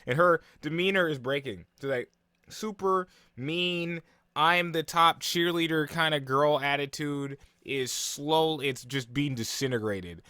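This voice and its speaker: Brief: young man, bright dry voice, casual rambling reaction talk full of fillers. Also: fairly high pitch, a little slow, clear, resonant tone, dry recording. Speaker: anime reaction vlogger.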